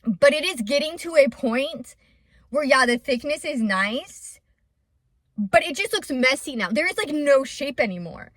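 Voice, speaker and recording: A woman's voice: high-pitched, animated, measured pace, a bit bright, no echo, studio quality. A young adult woman talking openly to her viewers in a confessional vlog. She rambles and fills her speech with "like". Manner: rambling and open, with many "like" fillers. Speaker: vlogger and small business owner.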